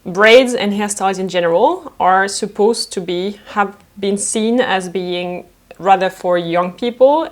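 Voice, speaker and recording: A young woman from France, who speaks French as her first language, talks through viewer questions in a casual vlog. She is playful and quick to laugh. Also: mid-range voice. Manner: lively, laughs often, playful. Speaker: fashion designer and vlogger.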